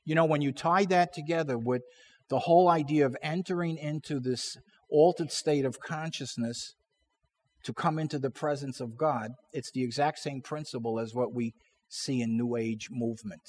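A man teaching from scripture in a sermon style, slow and emphatic, often repeating key words for stress. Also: medium pitch, a little mellow. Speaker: preacher.

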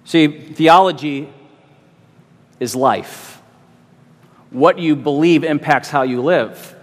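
Emphatic preaching pastor in a reverberant hall. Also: male voice, a little high, takes it slowly. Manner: emphatic preaching with rhetorical questions and repetition. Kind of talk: expository sermon.

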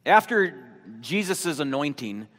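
Slow, deliberate preaching man in a hall. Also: a little high, sing-song, a bit bright. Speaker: pastor. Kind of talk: sermon. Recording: long hall reverb.

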